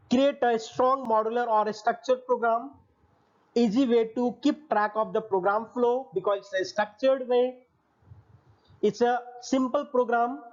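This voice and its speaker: A man's voice: very high-pitched, darkish tone. A male lecturer reading his slide points and then restating them in a recorded online lesson. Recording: dull lo-fi audio.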